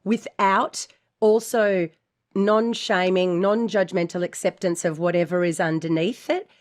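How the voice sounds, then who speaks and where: A woman's voice: lowish voice, steady tone, measured pace. A woman co-hosting a podcast, talking earnestly and frankly and swearing freely in casual chat. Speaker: podcast co-host.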